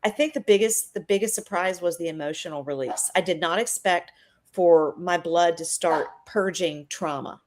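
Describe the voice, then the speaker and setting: A woman's voice: lowish voice, moderate pace. A woman in her fifties, a guest on a live video call, speaking earnestly and persuasively with a preachy edge. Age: 50s. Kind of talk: casual interview chat.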